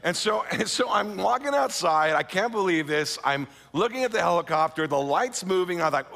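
A middle-aged man from California tells a personal story, stumbling through fillers and restarts and then acting out the voices he quotes. His tone is bright and sharp, sitting a bit high for a man. A long hall reverb trails every line. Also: moderate pace. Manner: lively, self-mocking, many fillers and restarts, acts out quoted voices. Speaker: speaker.

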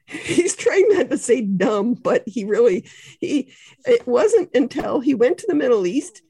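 A woman's voice: fairly high pitch, warm tone, breathy edge, no room sound. A woman author, a podcast guest, explaining ideas in conversation with examples and frequent asides. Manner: explains ideas with examples, frequent "you know" and small laughs.

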